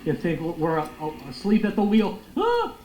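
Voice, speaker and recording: A young man giving loud, excitable, profane commentary while playing a football video game. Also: a little high, fairly quick. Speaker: gaming streamer. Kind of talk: live gameplay commentary. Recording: echoey room with faint noise.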